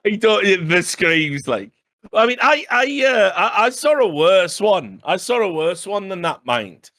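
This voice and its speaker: Bloke on a podcast reading out news bits, a bit high voiced, dead dry sound. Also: male voice, big pitch swings, unhurried, a bit bright, dry recording. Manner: chatty, reads articles aloud with asides. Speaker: podcast co-host. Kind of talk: casual podcast chat, reading news aloud.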